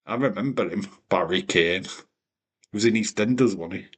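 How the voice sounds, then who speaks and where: A man's voice: on the low side, a little fast, husky. A man hosting a live watch-along stream, swearing freely and teasing his chat with mock offence. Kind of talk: casual live-stream commentary.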